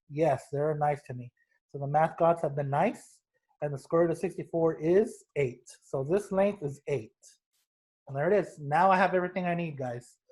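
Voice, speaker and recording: A man's voice: a little high, darkish tone. A young adult man teaching a recorded math lesson, explaining steps casually with jokes and calling his students guys.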